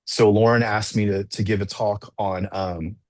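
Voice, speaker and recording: A man's voice: on the low side, fairly even intonation, moderate pace, no room sound. A man, a track coach and podcast guest, telling a personal story in a rambling, casual way, full of restarts and "like" and acting out the people he quotes.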